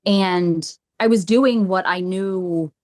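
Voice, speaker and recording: Taking her time, a woman in a mid-range voice relates stories in a podcast interview about her work as a psychic medium. She's animated, acting out what people said and repeating phrases.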